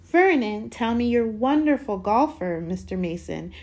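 A prim, fussy aunt played by a woman narrator gushes in a shrill, raised voice. It is a storybook reading with a loud, high delivery. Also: animated, measured pace. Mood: gushing.

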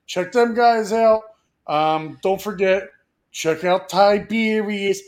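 A man's voice: high voice, takes it slowly, a little mellow. A man from Philadelphia co-hosting a podcast, signing off in crude, joking casual chat full of swearing. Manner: swearing, joking, loose sign-off. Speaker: podcast co-host.

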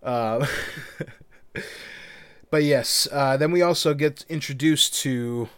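A man co-hosting a podcast in loose, rambling chat, laughing often and dropping casual swears. His voice is smooth and resonant. The sound is dry and close. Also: mid-range voice, slow pace, fairly bright tone, no echo. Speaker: podcast co-host.

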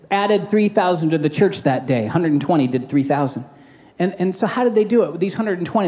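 A man preaching as a pastor in a casual, joking sermon style, with quick asides and call-outs to the congregation. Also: sits high, dark tone.

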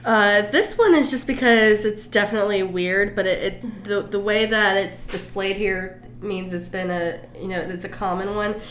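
A woman's voice: mid-range voice, steady tone, moderate pace, hardly any pauses, a bit bright. A woman co-hosting a casual chat podcast, teasing and laughing a lot. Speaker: podcast co-host. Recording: echoey room with background noise.

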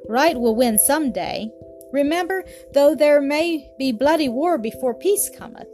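A woman voicing a gentle, grave pilgrim woman who speaks softly in old-fashioned words. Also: sits high, lively intonation, measured pace, faint music behind. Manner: soft, solemn, old-fashioned speech.

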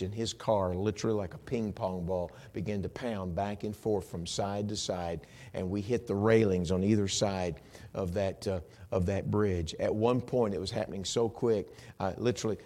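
A man preaching a sermon with animated storytelling, swinging between loud bursts and hushed moments and dropping in humorous asides. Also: fairly low pitch. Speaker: pastor.

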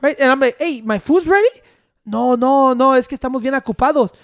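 Man, high voice, rambling profane storyteller, dry recording. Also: quick pace, fairly bright tone, no echo. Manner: rambling, profane, mixing in Spanish, keeps saying "wait". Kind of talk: casual storytelling among friends.

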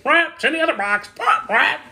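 A man's voice: very high-pitched, expressive, a little fast, gravelly, pushed and bright, pitched above the performer's own voice, exaggerated voice. A man voicing a heckling male parrot with a squawky, smart-alecky voice.

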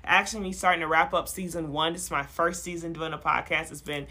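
A young woman hosting a casual podcast, talking in a lively, slangy way and laughing often. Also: deep voice, quick pace. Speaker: podcast host. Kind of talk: casual podcast chat with freestyle rapping.

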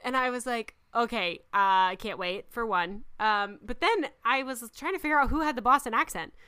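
A woman in casual chat about movies, telling stories in an animated way and acting out her own reactions. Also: a little high, moderate pace, smooth, dry recording, studio quality.

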